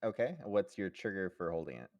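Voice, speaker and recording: A man's voice: deep voice, expressive, fairly quick, a little mellow. A man running a live tabletop game as game master, in a loose, chatty way and often laughing.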